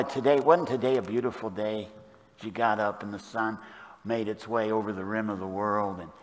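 An older man preaching a sermon as pastor, moving from hushed, quiet passages to loud, emphatic ones. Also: on the low side. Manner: dynamic, swings from hushed to loud emphatic delivery. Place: church sanctuary. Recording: long church reverb.

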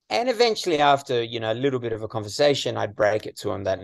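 An Australian man from western Sydney, a comedian guest in a casual interview, chatty and full of "you know"s and lively asides. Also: medium pitch, fast, creaky, few pauses, no echo, studio quality.

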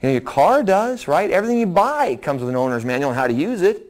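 A man's voice: on the high side, quick pace. Folksy man explaining at a seminar. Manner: lively, folksy explanations with acted-out quotes. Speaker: doctor presenting a weight loss program. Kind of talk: seminar talk answering audience questions.

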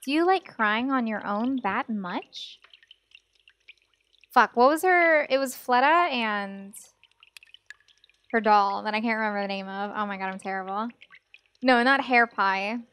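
Slow-talking, jumpy woman gaming streamer. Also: a little high, fairly bright tone, clean tone, no room sound. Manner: jumpy, swears and laughs at scares. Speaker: let's play streamer. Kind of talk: casual gameplay commentary.

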